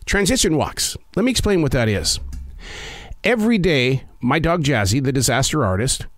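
A man hosting a reflective spoken-essay show from a home studio, talking in a slow, measured, emphatic way with dramatic pauses. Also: mid-range voice, sing-song, no echo. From North Carolina. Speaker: podcast host.

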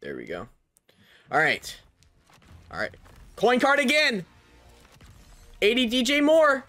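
A man's voice: extremely high pitch, wildly swooping pitch, takes it slowly, dry recording, soft background music. Hyped young man ripping game packs. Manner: hyped, shouts over big pulls, says "bro" a lot. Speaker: gaming YouTuber. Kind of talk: pack opening commentary.

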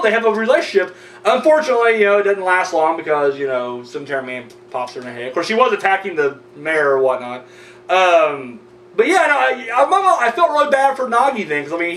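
A man's voice: high-pitched, sing-song, fast talker, fairly bright tone. A man reviewing a horror film in a loose, profane plot recap, full of "you know" and "like". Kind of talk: casual rambling plot recap. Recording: roomy, distant mic with faint hum.

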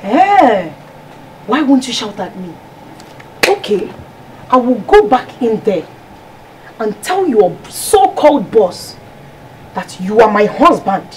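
An actress with a Nigerian accent playing a manipulative wife who gives orders in a whining, demanding voice. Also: female voice, fairly high pitch, sing-song, slow, long pauses, a crowd in the background. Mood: confrontational. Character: scheming wife, bossy and manipulative. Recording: distant mic with loud noise.

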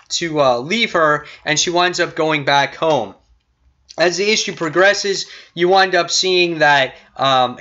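A man chatting through his weekly comic book picks in a bright, forceful voice that sits a little high. He gets excitable and acts out the characters' lines as he retells the scenes. The recording sounds dull and lo-fi. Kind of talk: casual spoken review.

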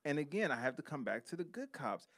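A man co-hosting a podcast, talking in an emphatic, animated way and calling his co-host bro and man. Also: a little high, fast, dry recording. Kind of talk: casual podcast chat.

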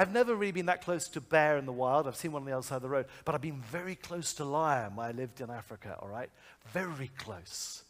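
A man delivers a sermon with an animated, chatty storytelling style, his voice riding high and swooping up and down as he poses rhetorical questions. The sound carries a long reverb, as if spoken in a large hall. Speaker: preacher.

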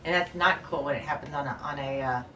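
A woman's voice: sits low, fast talker, a bit bright, a little hiss or hum. Chatty woman streaming, roomy and distant. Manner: scattered, rambling, chatty with viewers. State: short on sleep. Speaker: game streamer. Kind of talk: casual live-stream chat while gaming.

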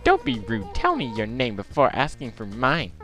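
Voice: mid-range voice, wildly swooping pitch, moderate pace, fairly bright tone, soft background music. A young gamer voicing a snooty female cat villager who talks curt and haughty.

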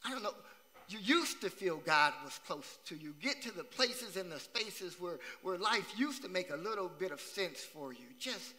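A male pastor with a high, very bright, ringing voice delivers a sermon. He circles back to phrases for emphasis and calls out questions to the congregation. His voice trails off into a long church reverb. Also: expressive, normal speed. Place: church sanctuary.

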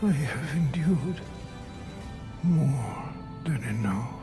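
A weary elderly lord with a refined RP accent speaks very slowly in a game. Each word is heavy with exhaustion. Game music sits underneath. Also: male voice, mid-range voice, lively intonation. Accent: Received Pronunciation. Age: older.

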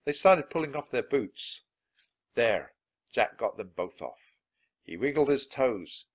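A man reading a children's chapter book aloud, with clear, expressive narration. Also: mid-range voice, takes it slowly. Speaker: storybook reader.

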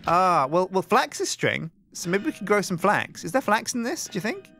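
A man hosting a game let's play, chatting in an animated, rambling way and thinking aloud. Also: high voice, normal speed, a little hiss or hum. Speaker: host.

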